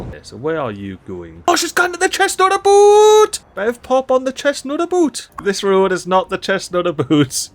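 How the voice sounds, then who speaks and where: A man's voice: a little high, a little hiss or hum. A man casually commenting on a city-building game, joking and chatting to the little citizens, with faint game sounds behind. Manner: chatty, jokey, talks to game characters. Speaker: gameplay streamer. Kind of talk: casual let's-play commentary.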